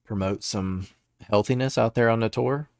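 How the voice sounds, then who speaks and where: A man's voice: mid-range voice, moderate pace, smooth, dry recording, studio quality. A man with a Southern American twang co-hosting a podcast, laid-back and laughing easily in casual chat. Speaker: podcast co-host.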